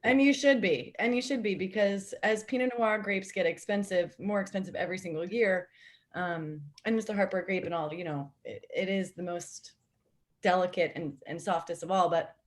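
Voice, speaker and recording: A woman's voice: mid-range voice, moderate pace. A woman on a video call, a guest wine expert explaining grapes in a casual way. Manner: explanatory, informative. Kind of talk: casual chat.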